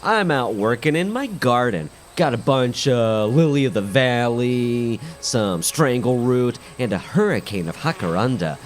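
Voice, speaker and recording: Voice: medium pitch, expressive, a little slow, hardly any pauses, a little hiss or hum, natural voice. A comedian playing a goofy, tough-talking garden bug who tells a rambling story, with faint music behind. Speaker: comedy podcast improviser. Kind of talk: improvised comic monologue.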